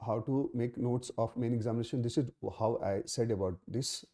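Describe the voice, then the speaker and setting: A man's voice: mid-range voice, brisk, dark tone. A middle-aged man with an Indian English accent, a coaching teacher answering student questions in a live session, emphatic and repeating key phrases with many fillers.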